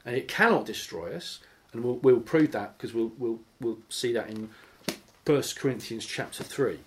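Animated man leading Bible study. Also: mid-range voice, normal speed. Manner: conversational, animated, acts out imagined voices. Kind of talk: informal teaching sermon.

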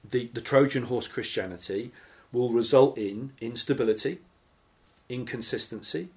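Man, Bible study leader, mid-pitched, conversational and lively teaching delivery. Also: normal speed. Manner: conversational, animated, acts out imagined voices. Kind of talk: informal teaching sermon.

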